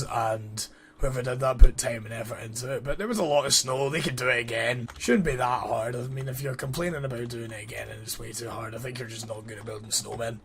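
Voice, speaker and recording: A man's voice: medium pitch, a little hiss or hum. Young man telling a story over gameplay. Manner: animated, breaks off to react to the game. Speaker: gaming storyteller. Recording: background music under voice.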